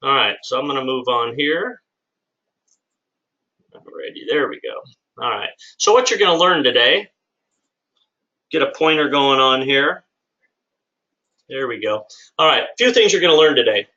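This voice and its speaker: A man's voice: mid-range voice, expressive, normal speed, long pauses, bright, forceful tone, muffled recording. A man who owns a service business, hosting a live webinar in an upbeat, chatty, salesy way. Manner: upbeat, chatty, salesy, many "all right"s. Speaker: business owner and webinar host. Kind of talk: live lunchtime webinar presentation.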